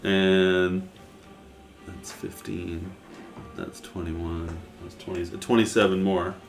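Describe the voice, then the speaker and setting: A man playing a tabletop game, animated and jokey, counting his dice rolls out loud. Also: deep voice, slow pace, vocal fry. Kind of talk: casual game chat. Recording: roomy room sound with background music.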